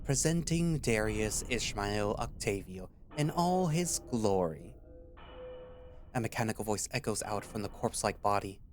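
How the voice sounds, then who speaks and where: A man with a low voice reads a story aloud, narrating in the first person. Between chapters he gives loose, rambling recaps full of fillers. Faint music runs underneath. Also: animated, unhurried. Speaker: story reader. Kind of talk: reading a fan story aloud.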